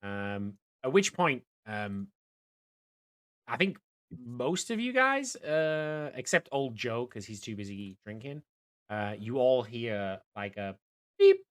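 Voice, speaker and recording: A man running a tabletop game as dungeon master, narrating in a halting way with many fillers and restarts. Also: mid-range voice, sing-song, fairly bright tone, clean tone.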